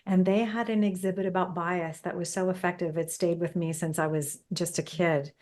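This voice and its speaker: A woman's voice: on the low side, fairly even intonation, normal speed, darkish tone. A woman from Canada, hosting a casual interview and thinking aloud with frequent restarts. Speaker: podcast host.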